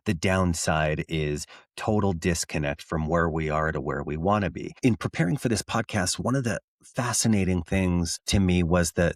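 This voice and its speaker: A man hosting a podcast, talking in a measured, thoughtful way and setting ideas against their opposites. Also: low-pitched, no echo, clean studio sound. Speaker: podcast host. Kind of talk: conversational podcast interview.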